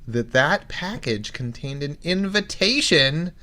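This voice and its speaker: A man's voice: fairly high pitch, animated, slow pace, pushed and bright. A man co-hosting a podcast, chatting casually about a TV episode with dry, jokey asides. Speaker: podcast co-host. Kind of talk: casual chat recapping a TV episode.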